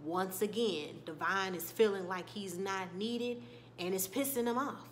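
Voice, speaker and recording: A woman's voice: medium pitch, unhurried, a little hiss or hum. A woman casually recapping a TV episode in a chatty storytelling way, often slipping into the characters' lines. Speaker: TV episode reviewer.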